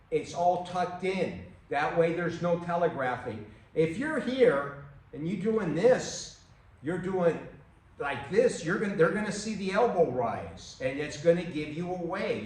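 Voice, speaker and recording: A man teaching striking technique in a casual demonstration, loose and emphatic, punctuating moves with "boom" and "bam", recorded on a camera mic at a distance. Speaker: martial arts instructor. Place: room, filmed on own camera. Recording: very echoey room, voice off-mic.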